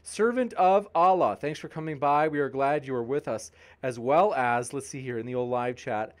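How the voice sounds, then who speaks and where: A man's voice: medium pitch, moderate pace. A man hosting a live debate stream, reading viewer comments aloud and answering them with upbeat, jokey banter. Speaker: debate channel host.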